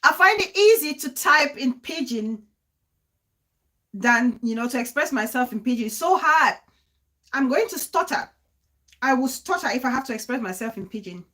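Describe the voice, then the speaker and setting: A woman from Cameroon, hosting a live-stream talk show, reading viewer comments in an animated way, laughing often and restarting her sentences. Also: sits high, normal speed, pauses often.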